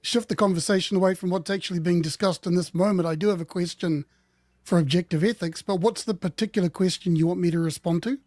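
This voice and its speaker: A man's voice: sits high, fast, a little mellow, dry recording, clean studio sound. A man with a New Zealand accent speaking in a live online debate, hesitant and apologetic, often restarting his words. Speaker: debate guest.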